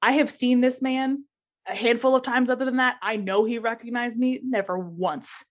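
A woman's voice: fairly high pitch, steady tone, normal speed. A woman casually telling a funny work story on a podcast, laughing often as she talks.

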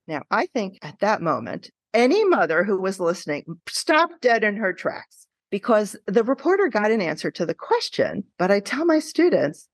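A woman who teaches qualitative research, guesting on a podcast and telling stories in an animated way, often checking in with "right?". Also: medium pitch, normal speed, no room sound. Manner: animated storytelling, frequent tag questions.

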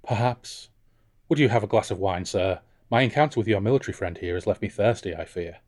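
Homem a fazer de dramaturgo vaidoso e afetado. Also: male voice, lowish voice, fairly quick, darkish tone, close to an everyday voice. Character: vain shifty male playwright, theatrical.

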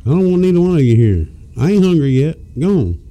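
Comic bit: a grumpy, cursing house cat, voiced by a man, gruff and dismissive. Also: on the high side, sing-song, quick pace, warm tone, voice pushed up. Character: surly, stuck-up house cat.

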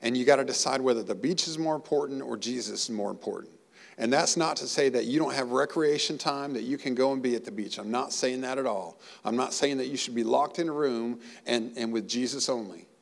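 Gravelly earnest male preacher. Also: mid-range voice, brisk. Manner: earnest, emotional preaching with rising emphasis. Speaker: pastor. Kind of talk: sermon.

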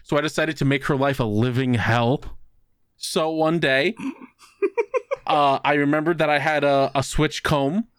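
A young man co-hosting a podcast, telling a story in an animated, swearing, casual way. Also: a little high, unhurried, clean tone, dry recording, clean studio sound. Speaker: podcast co-host. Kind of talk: casual chat.

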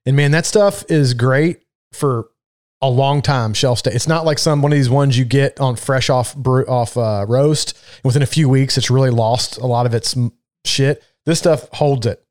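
A young man with a stuffy sinus infection co-hosts a casual live stream. He talks in relaxed, profane banter and keeps things easygoing. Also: medium pitch, moderate pace. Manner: profane, laid-back banter. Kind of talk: casual chat.

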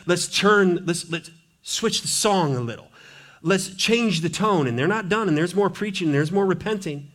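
A male pastor preaching a sermon in a church. He is animated and conversational, with playful asides and sudden drops to a hushed intensity. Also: high-pitched, normal speed. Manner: animated, swings from loud emphasis to hushed intensity. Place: church sanctuary.

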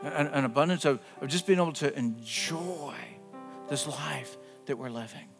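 A middle-aged man preaching a sermon earnestly, often dropping to hushed, drawn-out words for emphasis. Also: fairly high pitch. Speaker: pastor. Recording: long hall reverb, faint music behind.

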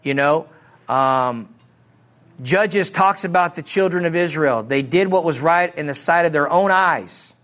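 A middle-aged man with a Missouri accent teaches a Bible lesson to a small group. His voice sits a little high for a man. He keeps it conversational and keeps checking in with his listeners. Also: a little slow, fairly bright tone. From Missouri, USA. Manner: conversational, asks the audience questions. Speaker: preacher.

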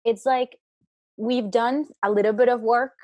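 A woman with a husky, slightly breathy voice chats about spiritual work. She rambles, restarting her thoughts and filling gaps with "like" and "you know". The sound is close and dry. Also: a little high, fairly even intonation, measured pace, mellow, no room sound, lo-fi sound. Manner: rambling, many restarts and fillers. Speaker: spiritual guest. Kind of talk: casual chat.

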